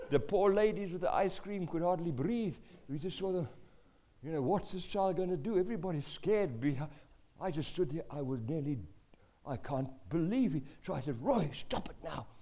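An older man with a South African accent, telling a family story in a lively, animated way with asides. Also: on the high side, moderate pace. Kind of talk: personal anecdote.

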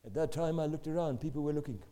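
A man's voice: a little high, fast, dark tone. A male preacher telling a personal testimony in an emphatic, dramatic storytelling style. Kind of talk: sermon testimony.

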